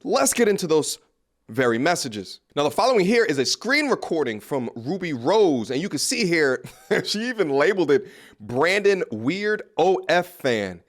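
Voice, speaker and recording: A man's voice: a little high, very animated, moderate pace, fairly bright tone. A man hosting a casual commentary video, laughing and mocking in a blunt, profane way.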